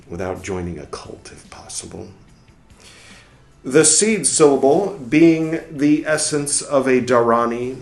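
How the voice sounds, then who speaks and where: A man reading a book aloud for a podcast, carefully and deliberately, now and then adding wry muttered asides. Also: medium pitch. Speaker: podcast reader. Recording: roomy echo.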